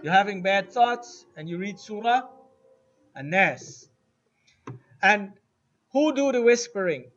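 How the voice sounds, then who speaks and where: A man with a fairly high voice teaches a classroom lesson at an unhurried pace. He keeps asking his students questions and has them repeat words back. The recording is dull and lo-fi, with a faint hiss underneath. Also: expressive, fairly bright tone. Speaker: Arabic teacher.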